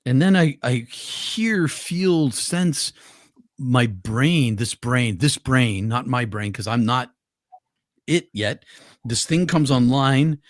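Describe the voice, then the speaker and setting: A man's voice: medium pitch, slow, dry recording, studio quality. An older man, a guest, earnestly telling a personal story with vivid detail and frequent restarts. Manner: earnest, vivid, with many restarts and repeated words.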